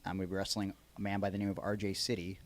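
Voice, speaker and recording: A man's voice: low voice, little pitch movement, racing. Man hosting a chatty podcast. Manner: chatty, plugs his upcoming shows. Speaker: podcast host. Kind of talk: casual podcast chat.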